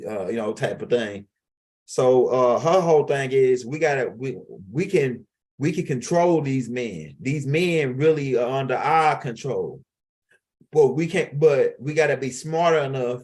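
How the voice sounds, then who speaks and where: A man's voice: mid-range voice, a little slow, a little mellow. Rambling, street-casual male lecturer. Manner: rambling and street-casual, with frequent restarts and asides. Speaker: teacher of an esoteric class.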